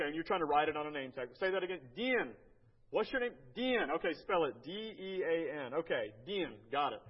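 An American man gives a slideshow talk to a church group in a folksy, halting way, often stumbling over and repeating words. His voice sits a little high, and the recording is muffled and lo-fi. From United States. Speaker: church mission trip presenter.

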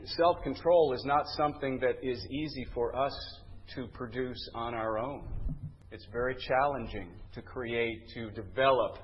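A man's voice: mid-range voice, a little slow, lo-fi sound, slight background noise. A man teaching a Bible lesson in a conversational, candid way, telling anecdotes.

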